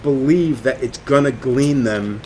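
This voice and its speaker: A man's voice: medium pitch, a little slow, dark tone, slight background noise. A middle-aged man hosting a podcast, a tattoo artist talking bluntly and swearing freely in casual chat.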